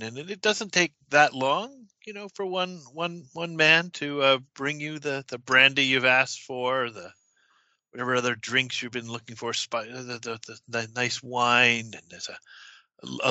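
A man narrating as game master of a tabletop horror game, talking haltingly with many restarts. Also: mid-range voice, pushed and bright, no echo, dull audio.

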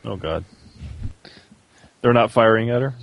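A man playing a tabletop role-playing game, reacting with quick exclamations and questions. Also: mid-range voice, gravelly, dry recording, dull audio. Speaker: player.

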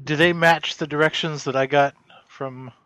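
Player, male, fairly high voice, brisk, slight hiss behind. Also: fairly even intonation. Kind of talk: casual chat at a game table.

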